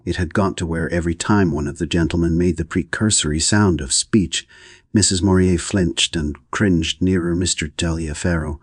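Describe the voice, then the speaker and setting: Deep husky guy reading an audiobook, steady and even, dry close sound. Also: normal speed, no echo. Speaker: audiobook narrator. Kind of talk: scripted narration.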